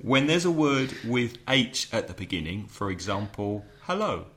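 A middle-aged man from England co-hosting an English lesson podcast, drilling example phrases slowly like a teacher. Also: on the low side, very animated, a bit bright, slight background noise.

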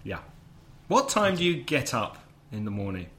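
A man with an English accent co-hosting a casual language-learning podcast, relaxed and self-deprecating, quick to laugh. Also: medium pitch. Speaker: podcast co-host teaching English phrasal verbs.

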